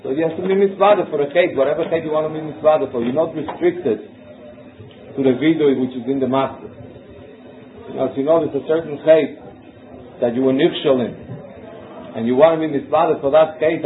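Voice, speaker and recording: A man teaches a religious law lesson in English, peppering it with Hebrew terms and reciting texts in an Ashkenazi Hebrew lilt. His voice sits a bit high for a man. It comes through a narrow, phone-like line with a faint hiss behind it. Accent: Ashkenazi Hebrew pronunciation. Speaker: Torah teacher. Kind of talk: halachic lesson.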